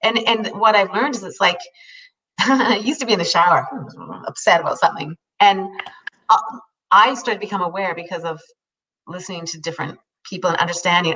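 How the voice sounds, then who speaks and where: Older woman co-host, animated storyteller, voice a bit distant from the mic. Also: fairly low pitch, fairly quick. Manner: animated storytelling, acting out her own inner voice. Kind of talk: live video chat.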